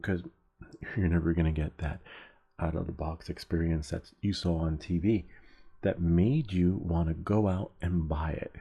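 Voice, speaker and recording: A man's voice: low-pitched, steady tone, normal speed, mellow, breathy edge, lo-fi sound. A man hosting a DIY tech channel, talking in a loose, rambling way, swearing casually and laughing at himself.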